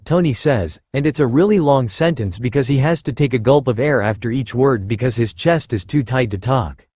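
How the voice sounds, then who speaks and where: A man narrating fan fiction aloud with a gentle, childlike storytelling cadence. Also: mid-range voice, normal speed, hardly any pauses, no echo, studio quality.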